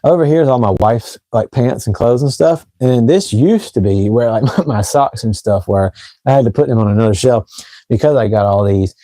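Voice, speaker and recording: Fragrance host, man from Tennessee, light Southern accent, rambling chatty live-stream talk, mellow voice, dry room. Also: medium pitch, normal speed, no echo. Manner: rambling, chatty, talks straight to viewers. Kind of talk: casual live stream chat. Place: room at home.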